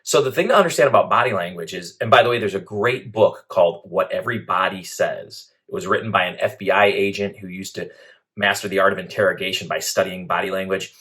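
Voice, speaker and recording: Low-voiced man teaching leadership skills. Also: fast talker, pushed and bright. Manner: clear, methodical, speaks in lists. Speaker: leadership trainer. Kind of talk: recorded training lesson.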